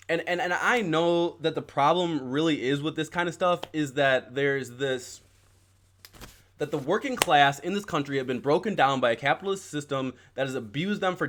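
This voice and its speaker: A fairly high-voiced man hosting his own political stream and ranting about politics. He swears freely and gets more and more worked up as he talks. Between outbursts he reads passages aloud. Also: fairly bright tone. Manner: heated, profane, growing angrier; reads quoted text aloud, then riffs. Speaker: political podcast host.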